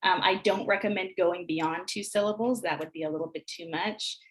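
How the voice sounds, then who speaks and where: An American woman demonstrating early literacy exercises, sounding out words slowly and deliberately. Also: on the low side, fairly even intonation, a bit bright, slight background noise. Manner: slow, deliberate sounding out of phonemes. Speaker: teacher trainer. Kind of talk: instructional screencast demonstration.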